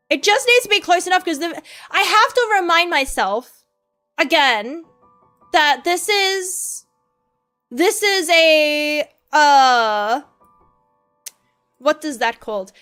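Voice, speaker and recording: A woman's voice: high-pitched, a bit bright. A young woman streaming while drawing, rambling in a frustrated, self-deprecating way into a desk mic. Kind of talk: casual chat while drawing.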